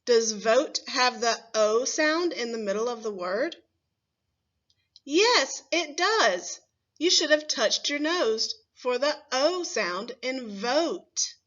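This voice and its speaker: Slow, bright-voiced woman teaching phonics. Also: on the high side, expressive, lo-fi sound. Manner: slow, clearly sounded-out words with questions to the class. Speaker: first grade teacher. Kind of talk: phonics lesson for young children.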